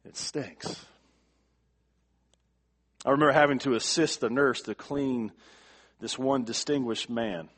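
A male pastor delivering a sermon, emphatic, repeating words for stress and swinging from quiet to forceful. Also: mid-range voice, moderate pace.

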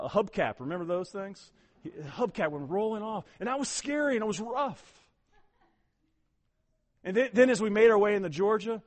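A man preaching a sermon as pastor, telling stories animatedly and swinging from loud emphasis to a hushed near-whisper. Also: sits high. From Ohio.

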